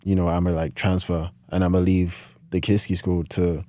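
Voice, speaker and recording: Here a low-voiced British teen, late in his teens, guests on a podcast as a student athlete, telling casual interview stories in a level, mellow tone at a moderate pace. He rambles, using "like" a lot, with a partly Americanized accent. Studio quality, no echo.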